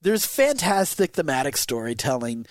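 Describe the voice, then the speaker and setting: A man's voice: on the high side, very animated, normal speed, no room sound, clean studio sound. A man co-hosting a podcast in casual chat, laughing often and restarting his sentences with lots of fillers. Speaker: podcast co-host.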